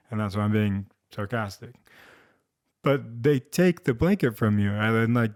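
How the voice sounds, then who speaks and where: A young man telling a comedic story to camera in a rambling, self-deprecating way, with sarcastic asides. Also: medium pitch. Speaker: storytime vlogger.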